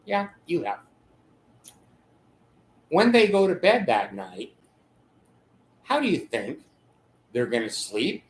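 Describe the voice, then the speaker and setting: An older man with a slightly high voice rambles slowly through a monologue. He breaks into chuckles mid-sentence and acts out the people in his stories. The room is echoey. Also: wildly swooping pitch. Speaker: channel host giving advice.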